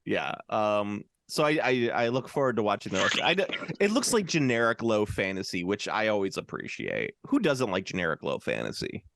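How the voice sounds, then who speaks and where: A middle-aged man co-hosting a podcast in casual chat, rambling with lots of fillers and slipping into quick impressions. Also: on the low side, big pitch swings, gravelly, a bit bright, no echo. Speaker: podcast co-host. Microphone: podcast microphone.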